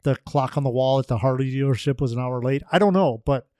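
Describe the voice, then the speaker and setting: A man co-hosting a podcast, joking around with easygoing asides. His voice sits at an ordinary middle pitch, and the close mic sound is dry. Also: fast, mellow, dry recording. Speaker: podcast co-host. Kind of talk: casual podcast chat.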